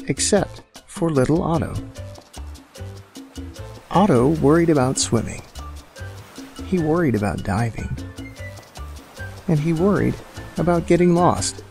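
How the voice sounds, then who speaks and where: A man narrating a children's bedtime story in a slow, calm and soothing way. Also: medium pitch, gravelly. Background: soft music.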